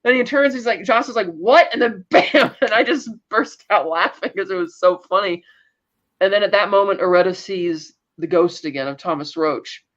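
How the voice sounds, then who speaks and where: A woman's voice: mid-range voice, normal speed. Woman recapping in a dull lo-fi call. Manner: animated retelling that acts out quoted lines, with laughs. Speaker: podcast co-host. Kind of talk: casual recap chat. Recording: dull lo-fi sound.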